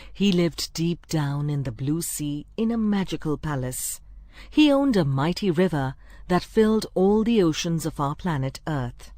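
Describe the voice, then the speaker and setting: A woman narrating a folk tale in a clear, measured storybook reading. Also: fairly low pitch, warm tone, no echo. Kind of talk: scripted narration.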